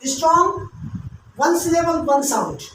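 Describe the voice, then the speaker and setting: A woman teaching English grammar, slowly repeating each word syllable by syllable and sometimes explaining in local languages. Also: extremely high pitch, big pitch swings, fairly bright tone. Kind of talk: grammar lesson with pronunciation drills. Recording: very echoey room, voice from far off, faint hiss.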